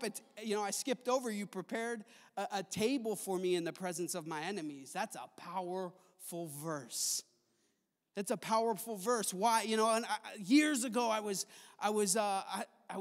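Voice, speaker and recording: A man preaching a sermon in a chapel, impassioned, moving between soft stretches and loud ones. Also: sits high. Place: large chapel hall. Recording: long hall reverb.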